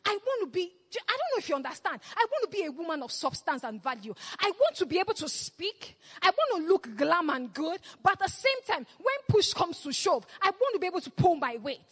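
A woman's voice: extremely high pitch, very animated, a little fast, hardly any pauses, fairly bright tone, long reverb tail. A woman preaching a sermon, repeating short refrains and urging the congregation to answer back. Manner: impassioned, call-and-response exhortation with repeated refrains.

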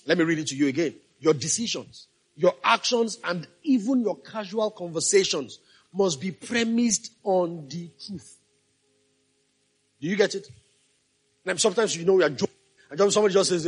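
Husky high-voiced pastor preaching. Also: male voice, animated, a little fast, soft background music. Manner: emphatic, repeats key phrases, asks the congregation questions. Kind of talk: sermon.

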